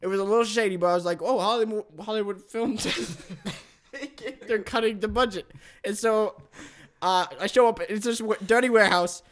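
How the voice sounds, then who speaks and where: A man playing a hapless oddball called Larry Poppins in an improvised comedy interview, rambling, halting and giggling through his stories. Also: high voice, a bit bright. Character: hapless male Larry Poppins, odd drifter.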